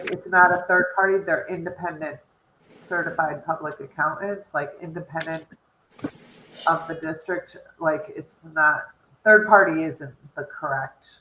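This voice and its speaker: A woman's voice: sits low, steady tone, measured pace, bright, forceful tone, echoey room, slight background noise, rough recording. A woman in a casual video-call meeting who picks at wording and talks with lots of "like" and "um".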